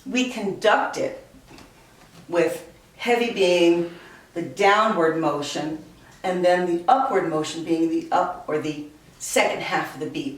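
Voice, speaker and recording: A woman teaching a music lesson beside a piano, explaining slowly and counting beats aloud. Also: low voice, far from the mic. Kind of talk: recorded classroom lesson. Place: room with a piano. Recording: very echoey room, voice away from mic.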